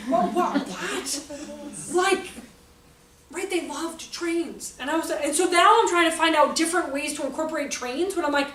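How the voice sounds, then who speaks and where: High-voiced joking woman in an echoey room. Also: normal speed. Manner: chatty, joking, self-mocking, lively storytelling. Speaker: workshop presenter for teachers. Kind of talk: informal teaching talk. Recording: echoey room from far off, faint background noise.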